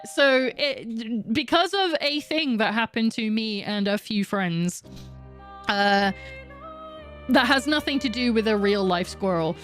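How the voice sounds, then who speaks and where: Young woman streamer rambling to chat, laughs a lot, kinda high voice, faint game music behind. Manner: chatty, rambling, laughs often. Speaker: livestreamer. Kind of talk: casual chat with stream viewers.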